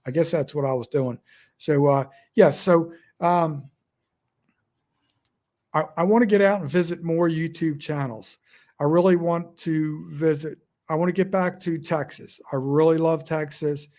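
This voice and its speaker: A middle-aged man with a Northern US accent talks casually into his phone at home. His voice sits a little high and sounds warm and mellow. He meanders and restarts his sentences, poking fun at himself as he goes. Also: fairly even intonation, unhurried. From Delaware, USA. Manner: meandering, self-deprecating, frequent restarts. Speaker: outdoors vlogger. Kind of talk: casual rambling talk to camera. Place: at home indoors. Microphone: phone front camera.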